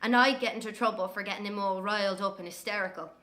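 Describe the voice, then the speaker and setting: An actress playing a sharp-tongued, brash young Irish woman telling stories in an audio drama monologue. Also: medium pitch, fast talker, close to an everyday voice. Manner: brash, scornful, lively storytelling.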